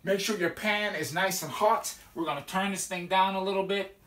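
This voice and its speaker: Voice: mid-range voice, normal speed, a bit bright. A cooking show host giving a casual, folksy demonstration at the stove, often checking in with "okay?" and letting out sudden whoops. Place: kitchen at a stove. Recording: echoey kitchen from a distant mic, with sizzling pans.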